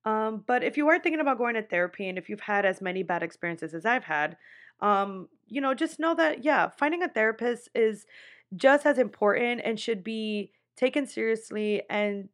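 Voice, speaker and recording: A woman's voice: a little high, expressive, moderate pace. Blunt, foul-mouthed young woman podcaster. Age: 20s. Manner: blunt, heavy swearing, frequent "like" fillers. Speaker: podcast host. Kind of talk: candid personal storytelling. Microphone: podcast microphone.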